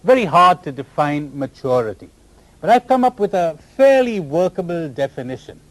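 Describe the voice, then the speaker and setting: Recorded dry, a spiritual teacher with a fairly high, very animated voice talks at normal speed to a live audience. Rhetorical questions tease his listeners, and he slips into mimicking others' voices at times.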